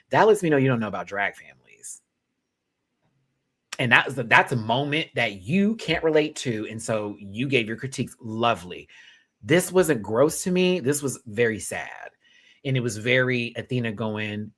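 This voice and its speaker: A sassy man riffs through a casual show review, his pitch leaping and dipping all over the place. He bursts out loud, then drops to murmured asides, and laughs between lines. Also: brisk. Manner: sassy, animated, swings between loud outbursts and hushed asides; laughs often while talking. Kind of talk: casual reaction commentary.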